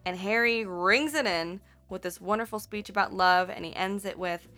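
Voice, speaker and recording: A woman's voice: mid-range voice, normal speed, sharp tone, faint music behind. A woman hosting a casual movie recap, chatty and rambling, correcting herself and swearing playfully.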